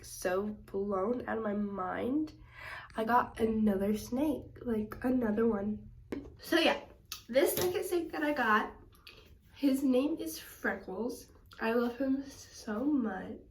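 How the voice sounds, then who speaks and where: A young woman chats to camera, gushing and filling her story with "like" and "um". Her voice sits a little high, and she sounds a bit away from the mic in an echoey room. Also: recorded from a distance. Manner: chatty and gushing, many "like" and "um" fillers. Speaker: reptile vlogger.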